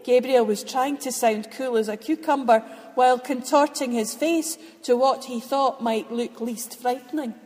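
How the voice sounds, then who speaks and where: A woman reading a storybook aloud, expressive and lightly voicing the characters. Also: a little high, a little slow, few pauses. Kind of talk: storybook read-aloud narration. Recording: long hall reverb.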